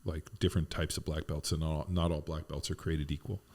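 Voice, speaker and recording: This is a man hosting a casual podcast conversation, his voice sitting very low. He speaks loosely and rambles, stopping and starting with fillers and dropping casual profanity as he goes. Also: level tone, a little fast, darkish tone. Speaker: podcast host and strength coach.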